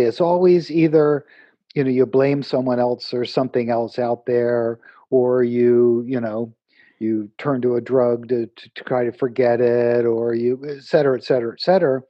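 An author being interviewed as a guest recounts a story with animation, voicing the quoted lines of the people involved. He speaks at normal speed with a medium-pitched voice, and the recording has no room sound and cut-off highs.

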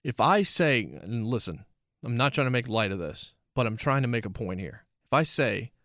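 A man giving a casual spoken review of a TV series, with an emphatic, animated delivery. His voice sits at an ordinary male pitch. The recording is dry and close, with no room echo. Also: moderate pace.

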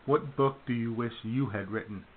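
A man's voice: mid-range voice, moderate pace. A man hosting a casual talk radio show, firing off upbeat quiz questions and laughing easily. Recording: tinny phone-like sound.

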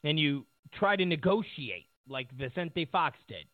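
A man's voice: on the high side, expressive, a little slow, dry recording. A male talk show host giving sarcastic political commentary, rambling with lots of fillers. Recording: tinny phone-like line.

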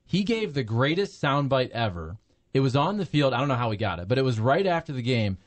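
A man's voice: medium pitch, big pitch swings, a little fast. A man co-hosting a sports radio show, speaking in a conversational, reminiscing way. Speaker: radio sports talk co-host. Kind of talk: casual sports talk.

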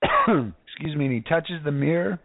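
A man's voice: on the high side, animated, moderate pace, gravelly, no echo. Fervent man preaching over tinny audio. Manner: fervent, exclamatory, addresses listeners directly. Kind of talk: casual preaching with scripture reading.

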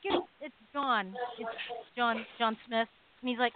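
A woman co-hosting a talk radio show, telling a story in a casual, animated way and acting out the people in it. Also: high voice, moderate pace. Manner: animated storytelling, acts out quoted voices. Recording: dry phone-line audio.

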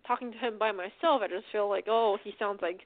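A woman's voice: medium pitch, a little fast, no echo. A woman calling in to a radio show, talking hesitantly with many fillers. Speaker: caller. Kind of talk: casual phone call. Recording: tinny phone line, dry.

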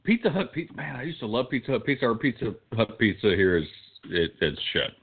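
A man with a low voice that swings widely in pitch chats casually on a podcast, answering with short, profane reactions. His voice sounds thin and tinny, like a phone call. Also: expressive, fairly quick, husky. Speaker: podcast co-host. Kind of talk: casual chat.

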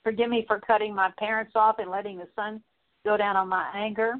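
A woman leading a spoken prayer of repentance, earnest and steady, working through a long list with frequent small fillers. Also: mid-range voice, brisk. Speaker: prayer minister. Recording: tinny phone-like line.

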